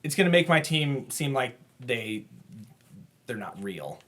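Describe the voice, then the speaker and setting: A man co-hosting a comic book podcast, casually recapping plots and quoting characters in quick put-on voices, laughing often. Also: medium pitch, very animated, fairly bright tone. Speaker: podcast co-host. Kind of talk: casual comic review chat.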